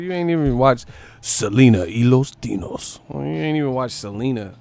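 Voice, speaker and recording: A man's voice: medium pitch, expressive, moderate pace, gravelly, a little mellow. A man hosting a boxing live stream, joking and swearing casually and mimicking other people's voices.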